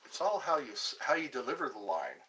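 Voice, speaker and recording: Lively, bright-voiced man rambling on a stream. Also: medium pitch, fairly quick. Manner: rambling, reads viewer questions aloud and answers. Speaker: livestream host. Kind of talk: casual livestream chat.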